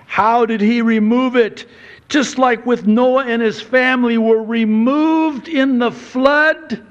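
A male pastor with a fairly high voice preaches at an unhurried pace. He talks casually, dropping low and quiet, then rising to loud, pressing questions. The recording sounds a little dull and lo-fi. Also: steady tone. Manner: conversational, swinging from soft and low to loud and emphatic. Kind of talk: sermon.

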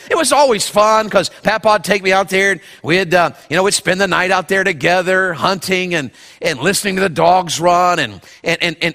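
High bright-voiced preacher in a hall. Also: male voice. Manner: folksy storytelling, acts out quoted voices. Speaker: pastor. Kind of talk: sermon with personal story.

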